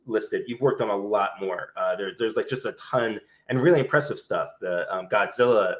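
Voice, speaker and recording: Host: middle-aged man, low voice, chatty and rambling, warm enthusiasm for his guest. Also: normal speed. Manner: enthusiastic, rambling with many fillers. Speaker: interview host. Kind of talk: casual interview chat.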